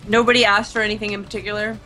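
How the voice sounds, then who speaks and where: A woman's voice: medium pitch, level tone, rapid-fire, bright, forceful tone, soft background music. A woman playing a tabletop game, chatty and easygoing. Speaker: player. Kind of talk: casual tabletop game play.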